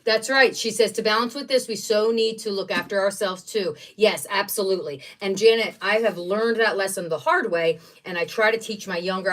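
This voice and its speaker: A middle-aged woman hosting a craft livestream, chatting in a rambling, excitable way while she unpacks supplies at home. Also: fairly low pitch, recorded from a distance. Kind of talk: casual chat while unboxing craft supplies.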